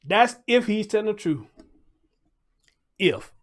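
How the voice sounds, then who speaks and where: A man's voice: sits high, lively intonation, slow pace. A man hosting a livestream, talking loosely in casual commentary, repeating his points and greeting viewers in the chat.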